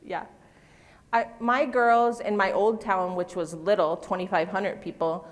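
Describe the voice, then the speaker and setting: A woman's voice: mid-range voice, steady tone, measured pace. A middle-aged woman giving a live floral design demonstration on stage, chatty and self-deprecating, joking with her audience. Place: stage in a large convention hall. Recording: long hall reverb.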